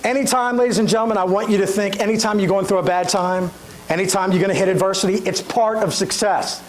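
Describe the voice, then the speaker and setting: High-voiced animated keynote speaker man. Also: fast, a little hiss or hum, low-quality recording. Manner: animated, addresses audience directly. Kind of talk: storytelling keynote speech.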